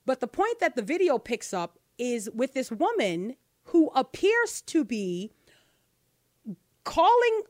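A woman's voice: a little high, sing-song, unhurried, hardly any pauses, darkish tone, no room sound, clean studio sound. A woman hosting a talk show, giving emphatic opinion commentary and tossing in rhetorical "right?" questions.

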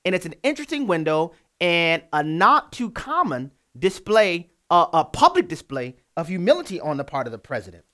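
A man's voice: fairly high pitch, sing-song, normal speed, few pauses, bright, forceful tone. A man from the United States hosting a Christian radio talk program, talking in a loose, rambling way with restarts. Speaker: radio talk show host.

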